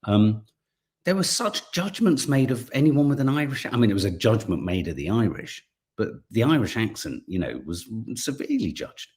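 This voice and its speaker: A man's voice: mid-range voice, big pitch swings, moderate pace, a little mellow. A middle-aged man, co-hosting a casual live stream, chatting and reading viewer comments while thinking aloud with frequent restarts.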